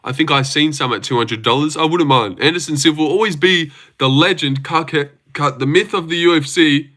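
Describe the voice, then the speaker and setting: A man's voice: fairly high pitch, fairly quick, bright, forceful tone. A young man hosting a casual livestream, teasing his chat with self-mocking banter. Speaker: livestream host.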